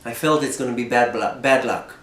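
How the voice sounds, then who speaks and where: A rabbi telling a personal story in an animated way, often repeating and restarting his words. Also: medium pitch, brisk, reverberant. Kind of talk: storytelling talk.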